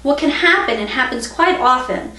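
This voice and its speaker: A middle-aged woman calmly explaining a tapping technique as an instructor, in a steady teaching tone. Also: high-pitched, normal speed. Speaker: EFT instructor. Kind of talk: instructional explanation with demonstration phrases. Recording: echoey room, mic at a distance.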